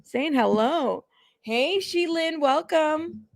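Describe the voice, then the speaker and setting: A woman's voice: a little high, measured pace, gravelly, fairly bright tone, no echo, clean studio sound. A woman hosting a casual news livestream, greeting chatters by name in a chatty way. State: out of breath.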